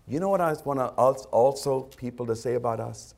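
A man pastor delivering a conversational sermon to his congregation, breaking now and then into loud put-on voices. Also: medium pitch, brisk, creaky.

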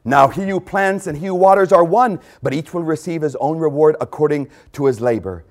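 A man preaching a sermon, repeating phrases for emphasis and swinging between loud emphatic lines and quiet storytelling. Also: fairly high pitch, brisk. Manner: dramatic, swings between shouting and hushed storytelling.

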